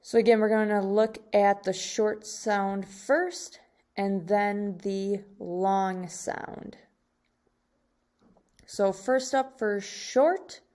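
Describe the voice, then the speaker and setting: A woman teacher giving a recorded slide lesson to second graders, speaking slowly and deliberately and drawing out each example word. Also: medium pitch, darkish tone.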